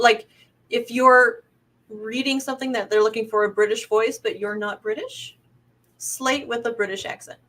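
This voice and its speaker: Woman, slightly high voice; relaxed, friendly co-host handing out casting tips. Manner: relaxed advice-giving, frequent fillers and laughs. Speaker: casting director and podcast co-host. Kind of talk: casual podcast chat.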